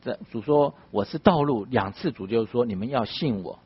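A man with a husky, mid-range voice interprets a sermon consecutively. He renders each phrase promptly after the preacher. The recording sounds dull. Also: mid-range voice, animated, moderate pace, no echo.

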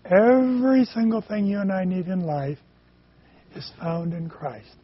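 High-voiced husky male preacher. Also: lively intonation, lo-fi sound. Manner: speaks in short phrases, pausing for the interpreter. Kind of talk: sermon with live interpretation.

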